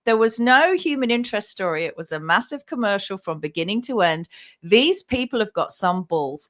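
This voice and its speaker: A woman from Australia co-hosting a radio show, talking through the news in an animated, opinionated way and laughing often. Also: mid-range voice, moderate pace. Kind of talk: casual news commentary chat.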